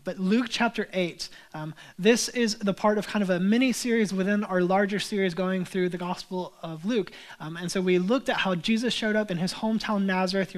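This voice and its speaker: A young man preaches from the pulpit and tells a story along the way, acting out the voices of the people in it. His voice sits high for a man, and his delivery is animated. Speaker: pastor. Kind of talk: sermon with personal story.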